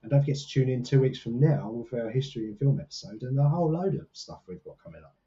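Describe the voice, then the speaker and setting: Rambling podcast co-host. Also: male voice, mid-range voice, expressive, fast talker, warm tone, dull audio. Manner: rambling, jokey and self-mocking. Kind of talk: casual podcast chat. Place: small hot room.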